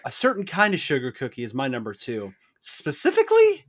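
A man's voice: medium pitch, very animated, fast talker, pushed and bright. A man co-hosting a casual podcast chat, playful and mock-outraged. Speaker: podcast co-host.

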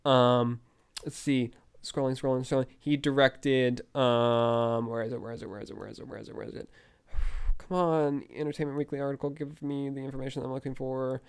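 A young man hosting a fan podcast, gushing with breathless, excited commentary and frequent outbursts. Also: medium pitch, normal speed, smooth. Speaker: podcast host.

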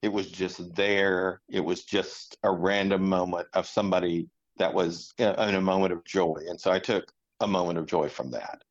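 A man's voice: deep voice, steady tone, moderate pace, hardly any pauses, lo-fi sound. A man in casual conversation, speaking reflectively and rambling with fillers as he talks things through. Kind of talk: casual chat.

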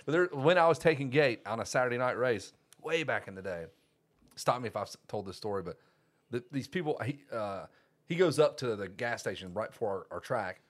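A man hosting a podcast, telling lively stories in casual chat and acting out quotes. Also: medium pitch, fairly quick. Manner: animated storyteller, acts out quotes. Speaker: podcast host.

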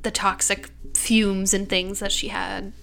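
A woman's voice: medium pitch, flat delivery, measured pace, creaky, a bit bright, soft background music. A young woman co-hosting a podcast, chatting casually about a true-crime story with lots of "like" and "um". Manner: chatty, many fillers like "like" and "um". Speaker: podcast co-host.

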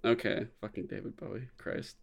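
A man's voice: lowish voice, steady tone, moderate pace, creaky, breathy edge. A young man in casual, profane chat about a movie, acting out quotes from scenes. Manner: laid-back, swears often, acts out quotes.

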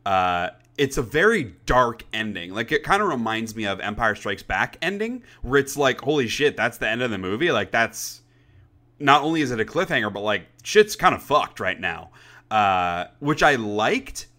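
A young man co-hosting a casual podcast, his pitch swinging up and down as he rambles on. His voice is bright and forceful, and he swears freely, with plenty of restarts. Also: sing-song, moderate pace. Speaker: podcast co-host. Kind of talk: casual chat.

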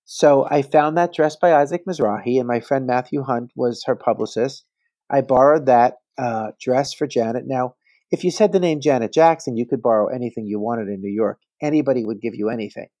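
An animated man in his fifties from New Jersey tells gossipy stories as a podcast guest. His voice sits at a middling pitch and comes across dry and close to the mic. He keeps adding playful asides as he goes. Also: a little fast, no room sound. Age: 50s. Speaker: celebrity stylist, podcast guest. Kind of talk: casual interview storytelling.

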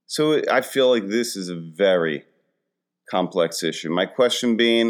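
A man's voice: low voice, animated, measured pace. A man in his forties hosting a casual comedic monologue, rambling and poking fun at himself. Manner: rambling, self-deprecating storytelling.

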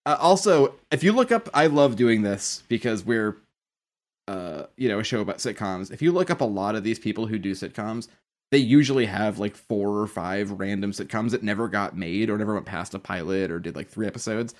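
A man co-hosting a podcast, talking casually and with animated profanity, dropping into quotes. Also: on the low side, fairly quick. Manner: animated, profane, quotes films in silly voices. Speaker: podcast co-host. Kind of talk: casual chat.

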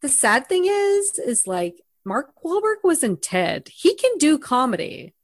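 A woman's voice: high-pitched, a little slow, no room sound. Young woman on a movie podcast, swings her voice all over, fed up and swearing, dry mic. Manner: exasperated, expressive, swears freely. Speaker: podcast co-host. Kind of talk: casual movie review chat.

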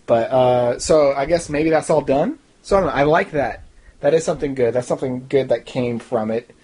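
Snarky ranting man with a husky voice. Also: mid-range voice, moderate pace, darkish tone. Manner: snarky, ranting, mocking impressions. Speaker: TV recap podcaster. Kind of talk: casual opinionated TV review.

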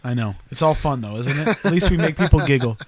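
A man's voice: mid-range voice, animated, quick pace. A man hosting a podcast, teasing his co-hosts in crude casual banter full of swearing. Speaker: podcast host.

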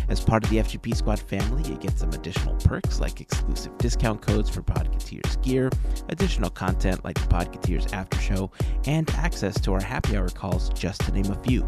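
A man reading a scripted podcast intro and sponsor thanks in an upbeat announcer manner. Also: on the low side. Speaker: podcast host. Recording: music bed under voice.

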